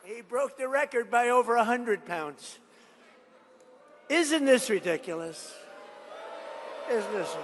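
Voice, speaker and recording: A man's voice: very high-pitched, animated, a little slow, long pauses, a little hiss or hum. A man giving a rally speech, rambling into stories and boastful asides and repeating his points for emphasis. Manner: repetitive, emphatic phrasing. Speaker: politician addressing a rally. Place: large event venue. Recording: long hall reverb from a big venue.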